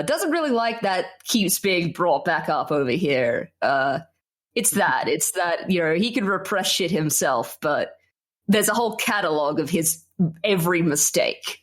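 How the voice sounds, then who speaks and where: A woman playing in a tabletop game, talking casually and reflectively. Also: on the low side.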